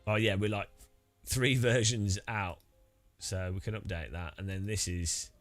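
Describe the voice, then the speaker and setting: A man's voice: fairly low pitch, fairly even intonation, a little slow, soft background music. A British man chatting casually while setting up racing gear, rambling with many restarts. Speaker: sim racing streamer.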